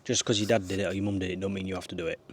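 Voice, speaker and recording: A man's voice: low-pitched, little pitch movement, racing, slight background noise. A man giving rambling, earnest life advice to camera from a small camper van. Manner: rambling, earnest, swears now and then. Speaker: vlogger. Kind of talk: casual advice talk to camera.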